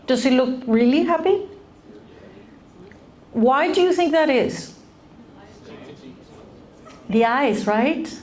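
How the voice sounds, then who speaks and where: Animated woman speaker, higher voice. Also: takes it slowly, pauses often. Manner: animated, asks the audience questions. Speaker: speaker giving a talk to college students. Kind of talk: lively public talk. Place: lecture room.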